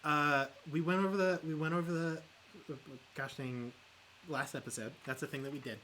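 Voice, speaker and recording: A man co-hosts a podcast in relaxed banter, quick to laugh and to joke. His voice is bright and forward. A faint hiss sits under the talk. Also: fairly high pitch. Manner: joking, quick to laugh, puts on silly voices. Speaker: podcast co-host. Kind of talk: casual chat.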